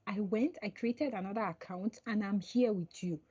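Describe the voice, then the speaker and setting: A woman's voice: mid-range voice, moderate pace, breathy edge, dull audio. A woman guest on a podcast call, chatting casually and acting out the lines of people in her stories. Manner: animated storytelling, acts out quoted dialogue. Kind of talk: casual interview chat.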